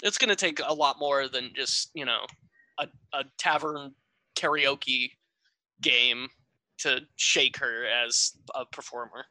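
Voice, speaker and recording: A man's voice: medium pitch, slow pace, sharp tone, no room sound. A man in casual podcast chat about a tabletop game, thoughtful and hesitant with many fillers.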